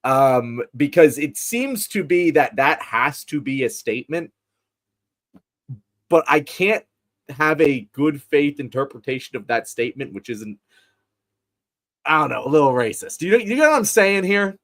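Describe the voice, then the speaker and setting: A man co-hosting a casual film podcast, animated and profane, often stumbling over repeated words. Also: a little high, a little slow. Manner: animated, profane, stammering restarts. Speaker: podcast co-host.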